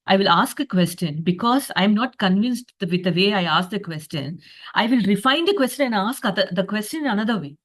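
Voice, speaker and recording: A woman's voice: medium pitch, lively intonation, brisk. A woman presenting a reflective coaching masterclass on a video call, talking with frequent fillers and acting out a coach's inner thoughts. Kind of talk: online masterclass talk.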